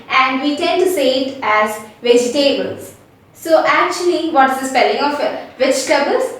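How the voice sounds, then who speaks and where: High-voiced woman teaching pronunciation, echoey. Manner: repeats words slowly, often checks with "okay?". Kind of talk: spelled-out pronunciation lesson. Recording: very echoey room, mic far away.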